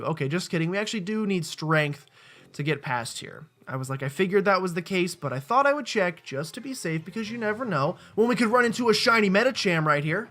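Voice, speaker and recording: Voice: mid-range voice, expressive, brisk, a bit bright. A let's-play host giving casual, rambling, self-mocking commentary while playing a game at a desk mic. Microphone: desk mic with webcam.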